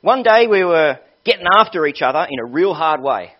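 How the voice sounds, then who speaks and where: A man's voice: sits high, animated, brisk, pitched above the performer's own voice. A man preaching voices a remorseful young man going home after prison, telling his story nervously. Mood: bitter. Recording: dull lo-fi sermon recording.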